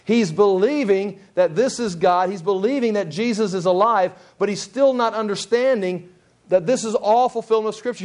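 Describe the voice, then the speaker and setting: A man with a notably high-pitched voice teaches from scripture in a relaxed, conversational way. He retells the story in his own words, restarting sentences and briefly acting out what the people said. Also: moderate pace. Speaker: preacher teaching the Bible.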